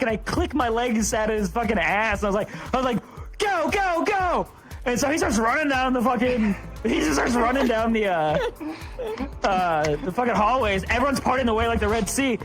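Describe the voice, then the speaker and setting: High-voiced guy rambling through a wild school story, swears a lot, music going behind him. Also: a bit bright. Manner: rowdy, profane, laughing a lot. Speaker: podcast host telling a story. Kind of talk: casual storytelling chat.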